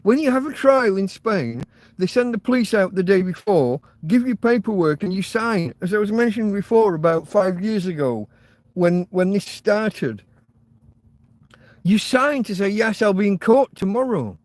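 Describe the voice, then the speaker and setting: An English man with a high voice pours out an agitated, profanity-laced rant on his podcast. He sounds close to tears with frustration. The sound is close and dry. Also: animated, normal speed, a little mellow, no echo. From England. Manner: agitated, swearing, near tears. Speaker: podcast host. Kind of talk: angry ranting monologue.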